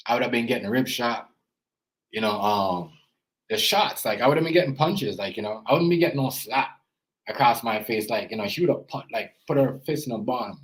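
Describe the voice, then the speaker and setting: A man's voice: medium pitch, lively intonation, brisk, poor audio. A man and father giving casual reaction commentary, rambling and earnest, filling his talk with "you know" and "as I said". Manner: earnest, lecturing tone about parenting. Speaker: parent and reaction vlogger.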